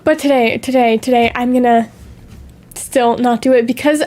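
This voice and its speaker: A young woman streamer in casual chat, telling stories in a chatty, animated way with gasps and laughs. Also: a little high, normal speed. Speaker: VTuber streamer.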